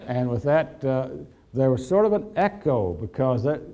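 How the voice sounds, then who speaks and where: An older male physician, telling a folksy anecdote to an audience with halting fillers. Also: medium pitch, very animated, warm tone, muffled recording. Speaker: physician and speaker. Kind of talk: storytelling talk to an audience.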